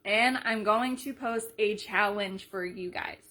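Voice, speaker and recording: A woman leading a sales team in a casual live video, chatty and energetic, retelling conversations as she goes. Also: mid-range voice, a little slow. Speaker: team leader.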